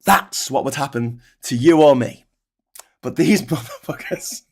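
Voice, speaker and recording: A man's voice: mid-range voice, unhurried, darkish tone, husky. Angry sarcastic man ranting. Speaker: host of a political livestream. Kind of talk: ranting political commentary.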